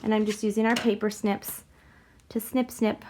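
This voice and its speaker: A woman's voice: medium pitch, flat delivery, moderate pace, dark tone, slight background noise. A woman hosting a crafting tutorial, talking chattily through each step in a bubbly way and giggling at herself. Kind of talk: casual step-by-step demonstration.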